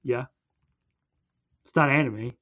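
A young man casually recapping a movie plot in a rambling, animated way, jumping into quick voices for the characters. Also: medium pitch.

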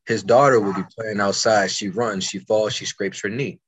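A young man co-hosting a podcast, telling stories in casual chat with fast bursts and frequent restarts. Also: on the low side, fairly even intonation, fairly bright tone, husky. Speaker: podcast co-host.

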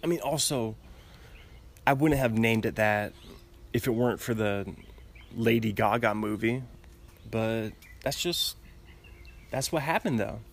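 Alone on his podcast, a twenty-something host chats casually and rambles, giggling often and restarting sentences. He speaks a little slowly in a lowish voice, with long pauses.

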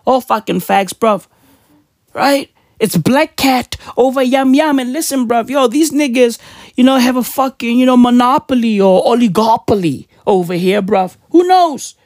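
A woman's voice: a little high, moderate pace, darkish tone, no echo, studio quality. A woman with a South African accent, ranting casually on a vlog with heavy swearing and slang. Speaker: vlogger. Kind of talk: profane casual rant.

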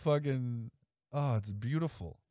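A man's voice: mid-range voice, unhurried, dark tone, no room sound, studio quality. A man hosting a casual solo podcast, rambling and enthusiastic, with frequent swearing. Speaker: podcast host.

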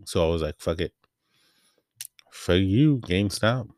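A man with a very low voice chats casually as a podcast host, rambling through a story with plenty of fillers. The sound is dry and close, with no room echo. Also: animated, unhurried, a little mellow. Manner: rambling, laid-back storytelling with many fillers. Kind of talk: casual chat.

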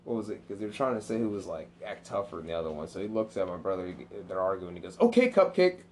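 A man on a podcast telling crude stories in casual chat, often jumping into high mocking voices to act out others. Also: racing, a little hiss or hum. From Sicilian and Irish family background.

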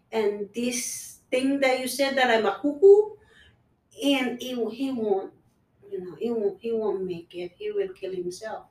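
Slow-spoken earnest woman in an echoey room. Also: a little high, a little mellow, far from the mic. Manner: earnest, repetitive, restarts phrases. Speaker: guest sharing personal story. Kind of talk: casual conversation. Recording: echoey room, voice set back from the mic.

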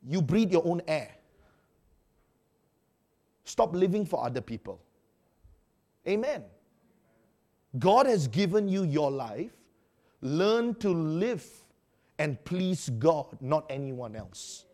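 A male pastor preaching a sermon in an animated way, acting out quotes with sudden loud outbursts. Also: a little high, takes it slowly, pauses often.

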